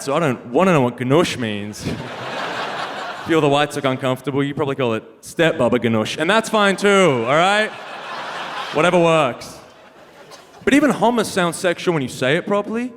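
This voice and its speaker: A young man with a fairly high, very animated voice works the crowd at a comedy club, throwing punchy, self-mocking jokes through a handheld mic. The hall rings with a long reverb and a faint hiss sits underneath. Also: brisk. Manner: punchy, wry, self-mocking delivery with frequent laughs. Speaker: stand-up comedian. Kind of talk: stand-up comedy set. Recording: live venue reverb with faint noise.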